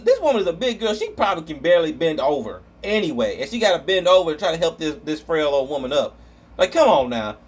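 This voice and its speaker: A man vlogging about online comments, ranting angrily and profanely and stumbling over his words. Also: high voice.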